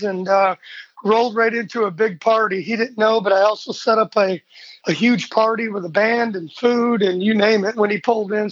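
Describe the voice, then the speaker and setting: A man's voice: sits high, no echo. A man in his forties from Michigan, a podcast guest telling a family story with energy and acting out the voices in it. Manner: energetic, animated storyteller who acts out quoted dialogue. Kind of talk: casual storytelling interview. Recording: dull, slightly lo-fi dry sound.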